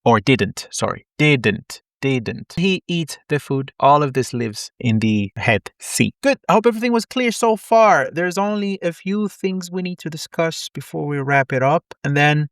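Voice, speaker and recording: A man's voice: fairly high pitch, animated, unhurried, few pauses, dry recording, studio quality. A man teaching an online syntax lesson, explaining step by step with frequent self-corrections and wry asides. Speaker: linguistics lecturer.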